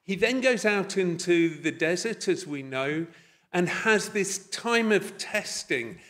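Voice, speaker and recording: A man's voice: high-pitched, animated, slow pace, fairly bright tone. A middle-aged man with a Scottish accent giving a conference talk, thoughtful and self-deprecating, with hesitant fillers. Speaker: conference speaker. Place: conference hall.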